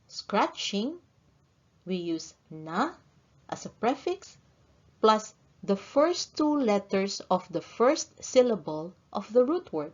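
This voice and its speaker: Slow, deliberate woman teaching a lesson. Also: medium pitch, a little mellow, lo-fi sound. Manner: slow, deliberate, reads each word pair in turn. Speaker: language teacher. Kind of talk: scripted lesson narration.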